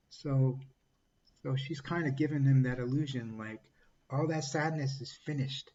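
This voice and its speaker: A man talking casually through a book review, halting often with fillers and restarts and reading quotes aloud. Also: mid-range voice, darkish tone, lo-fi sound.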